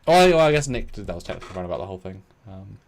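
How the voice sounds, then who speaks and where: A man co-hosting a casual live stream, joking and chatting with a lively manner. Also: sits low, very fast. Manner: animated, joking, self-deprecating. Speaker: co-host.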